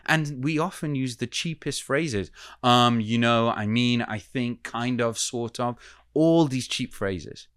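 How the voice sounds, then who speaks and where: Brief: male communication expert, measured teacherly delivery, mid-pitched, dry close studio sound. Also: a bit bright, clear, resonant tone, dry recording. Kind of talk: podcast interview.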